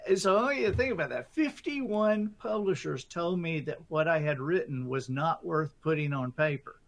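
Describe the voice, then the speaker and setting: A middle-aged man telling a story as a guest author, lively and acting out his own inner voices. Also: a little high, normal speed, gravelly. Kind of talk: animated storytelling.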